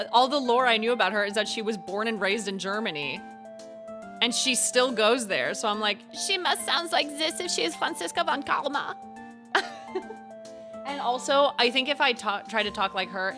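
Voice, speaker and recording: A woman's voice: on the high side, pushed and bright. A young woman casually chatting while playing a game, laughing often and swearing freely over game music. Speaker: gaming streamer. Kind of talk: casual let's-play chat.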